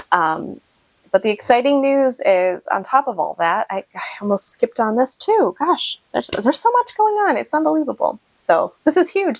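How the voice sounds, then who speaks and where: A woman's voice: medium pitch, no room sound, poor audio. A woman hosting a knitting podcast, talking in a rambling, emotional way with lots of fillers. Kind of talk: casual vlog update.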